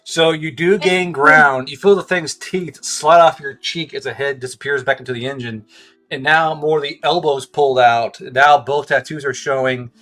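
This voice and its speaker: A man's voice: a little high, steady tone, moderate pace, a bit bright. A man narrating as game master, stammering, laughing and swearing loosely.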